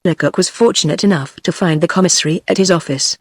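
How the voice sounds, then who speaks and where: A text-to-speech woman's voice with a British accent, narrating a classic novel in an even synthetic way. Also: on the low side, fast talker, husky, no room sound. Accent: British English. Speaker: audiobook narrator. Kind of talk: text-to-speech book reading.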